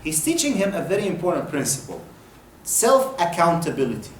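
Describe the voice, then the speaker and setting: A man's voice: fairly high pitch, very animated, fairly quick, reverberant, a little hiss or hum, low-quality recording. A man giving an earnest sermon of advice, repeating key points and acting out brief exchanges. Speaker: preacher.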